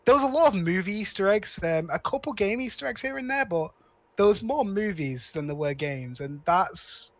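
A man's voice: sits high, animated, normal speed, a bit bright, no room sound. A man co-hosting a podcast, rambling casually about films with lots of restarts and cheerful swearing. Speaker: podcast co-host. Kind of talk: casual chat.

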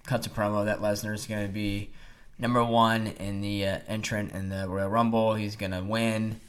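A man co-hosting a casual chat, retelling events with animated energy and laughter. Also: on the low side, normal speed. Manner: animated storyteller, acts out quotes with laughs. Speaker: podcast co-host. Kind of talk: casual chat recapping wrestling.

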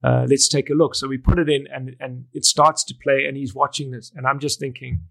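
In a fairly quick, gravelly voice of medium pitch, this middle-aged wedding photographer and educator recounts stories during a podcast interview. He's animated, acts out remembered conversations, and restarts his sentences frequently.

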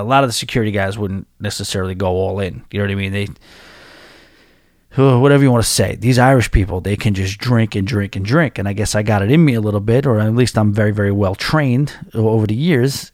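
A man's voice: on the low side, darkish tone, no room sound, studio quality. A man in his forties with a New York accent, hosting a podcast and rambling through a casual story with many restarts. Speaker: podcast host.

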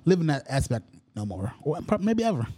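A man's voice: on the high side, very animated, fairly quick, mellow, husky. A young adult man hosting a casual talk show, telling stories in a profane, exasperated way. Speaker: podcast host. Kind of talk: casual chat.

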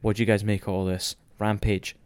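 A young Scottish man recapping a wrestling match in casual, excitable, sweary podcast chat. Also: on the low side, fairly quick, clear, resonant tone, no echo.

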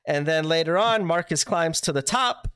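A man's voice: a little high, normal speed, clean tone, dry recording, poor audio. Man recapping wrestling on a podcast. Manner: animated retelling, acting out quoted lines. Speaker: podcast co-host.

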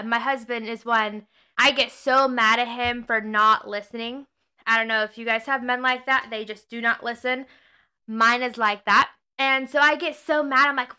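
A woman's voice: high-pitched, pushed and bright, clear, resonant tone. A young woman hosting a faith podcast, talking earnestly in a preachy, casual way with frequent restarts and self-corrections. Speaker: podcast host.

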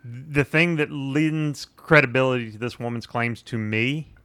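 A man's voice: mid-range voice, fairly even intonation, measured pace, fairly bright tone, smooth, dry recording. A man hosting a podcast, earnestly explaining and steering the conversation back on topic. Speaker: podcast host. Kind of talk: casual podcast chat.

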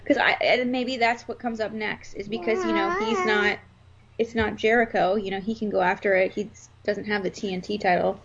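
A woman in a casual podcast chat about wrestling, talking in an animated, rambling, jokey way. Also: mid-range voice, moderate pace, gravelly. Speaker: podcast co-host. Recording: slightly dull lo-fi sound.

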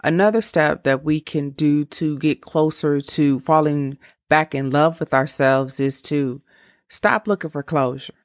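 A woman's voice: low-pitched, measured pace, no room sound, clean studio sound. A woman of around fifty giving blunt, profane relationship advice in a candid casual monologue with laughing asides.

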